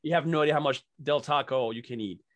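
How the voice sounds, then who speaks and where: A young man telling excited, profane stories as a podcast guest, laughing often. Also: medium pitch, fast. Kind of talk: casual storytelling.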